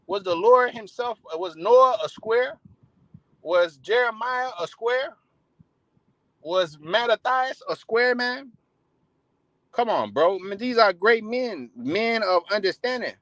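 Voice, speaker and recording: Here a street preacher, a man whose voice sits high with a fairly bright tone, gives a casual, heated sermon. He curses a lot and restarts sentences again and again. It's a rough recording with no echo.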